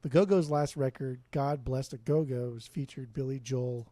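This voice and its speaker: A man's voice: medium pitch, steady tone, normal speed, mellow, no echo. A man co-hosting a podcast in casual chat, rambling, swearing freely and restarting his sentences. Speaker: podcast co-host. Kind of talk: casual chat about music.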